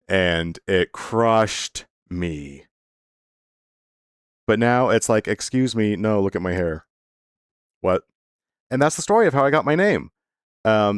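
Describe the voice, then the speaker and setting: A man rambles through a casual storytime monologue, full of fillers and sudden bursts of higher pitch. He teases his listeners playfully. His voice is low and smooth, recorded dry and close. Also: dry recording. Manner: playfully teasing toward listeners. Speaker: vlogger.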